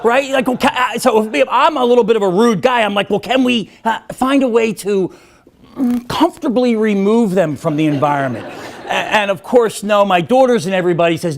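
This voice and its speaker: A man speaking as a motivational speaker, spinning a comic anecdote in a storytelling keynote. His pitch swoops up and down as he acts out voices and pokes fun at himself. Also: fairly quick, vocal fry. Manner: animated, acts out voices, self-mocking humor.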